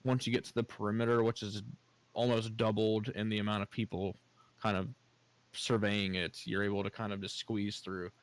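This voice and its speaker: Low-voiced man running a tabletop game. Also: little pitch movement, no echo, rough recording. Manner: halting, full of fillers and restarts. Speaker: game master.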